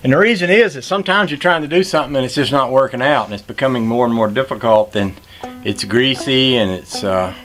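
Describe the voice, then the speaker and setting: A man's voice: mid-range voice, fairly quick, fairly bright tone. Folksy wry man working on his car. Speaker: home car mechanic vlogger. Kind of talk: casual talk to camera. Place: at home working on an old car outdoors.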